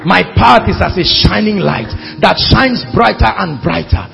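A man preaching a sermon, swinging between hushed words and shouting. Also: high-pitched, lively intonation, unhurried, creaky. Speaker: pastor. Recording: hall reverb with faint music.

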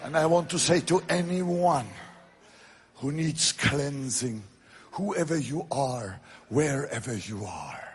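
A male evangelist preaches with a high, widely swinging voice. He takes his time, letting phrases land slowly. He bursts into shouts at the high points and sinks to a hush for stories. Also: lively intonation, husky. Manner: impassioned, shouting at climaxes, then dropping to quiet storytelling. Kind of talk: sermon.

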